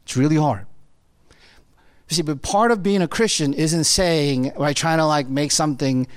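A man's voice: a little high, moderate pace, clean tone, dry recording. A man preaching a sermon in a conversational way, often checking in with his listeners by asking "right?". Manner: animated, conversational preaching with constant "right?" tag questions. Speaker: pastor.

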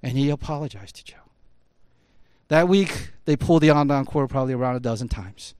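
A man with a mid-range, darkish, clean voice talks a little fast, with no room sound. He spins a casual story loaded with "like" and "you know," rising now and then into emphatic bursts.

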